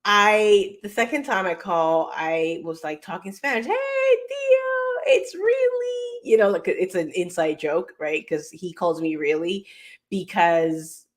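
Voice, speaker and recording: A woman's voice: fairly low pitch, a little slow. Female host from New York, upbeat and self-deprecating, loose chatty delivery. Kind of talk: casual live show chat.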